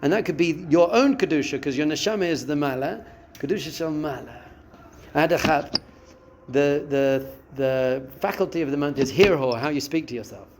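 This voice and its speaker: With a fairly high pitch and normal speed, a man teaches a class as a rabbi. His spiritual lesson is expressive, acting out a listener's inner voices and quotes, against a little hiss or hum.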